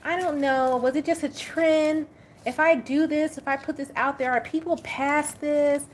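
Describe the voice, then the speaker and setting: A woman's voice: sits high, fairly even intonation, moderate pace, slight background noise, voice pushed up, lightly acted. A woman putting on a fretful, doubting seller. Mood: worried. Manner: anxious rambling questions.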